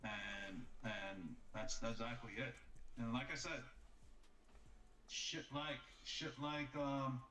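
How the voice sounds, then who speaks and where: A man's voice: medium pitch, steady tone, slow pace, sharp tone. A man talking casually on a livestream about trading, rambling and restarting his sentences, swearing freely. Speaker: guest trader. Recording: roomy, distant mic with faint background noise.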